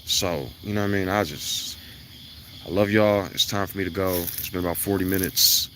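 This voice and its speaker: Forceful, profane preachy man ranting. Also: low voice, steady tone, normal speed, slight background noise. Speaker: self-styled spiritual vlogger. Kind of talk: ranting monologue to camera. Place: outdoors near his house.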